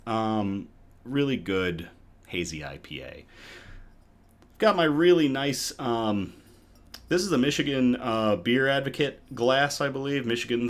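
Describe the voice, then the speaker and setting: A man hosting a casual live good-news show from home, chatty and upbeat, a little out of breath. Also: mid-range voice. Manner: chatty and upbeat, with chuckles and restarts.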